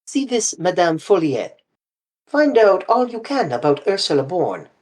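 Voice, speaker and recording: A fussy, sharp-minded older detective, put on by an audiobook reader who presses with precise, pointed questions. The voice sits higher than the reader's own and swings widely in tone. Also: very animated, unhurried. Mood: urgent.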